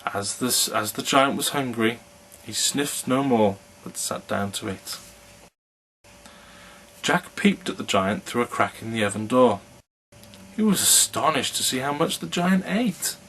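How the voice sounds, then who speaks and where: A man reading a fairy tale aloud in a slow, measured storytelling manner. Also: medium pitch, expressive, fairly bright tone, a little hiss or hum, rough recording.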